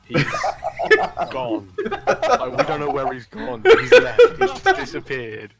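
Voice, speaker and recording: A man's voice: very high voice, huge pitch swings, takes it slowly, creaky, a crowd in the background. A man playing a tabletop game, joking and laughing through his lines. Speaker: player.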